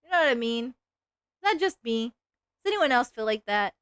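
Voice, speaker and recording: Young woman streamer, slightly high, animated, chatty and self-mocking; dry close mic. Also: fairly quick, smooth, no echo. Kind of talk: casual live-stream chat while drawing.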